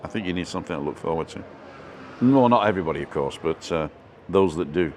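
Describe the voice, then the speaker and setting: A man's voice: sits low, lively intonation, fast, darkish tone, a little hiss or hum. A man with a relaxing voice, from the UK, hosting a casual live stream and chatting his way through viewer comments.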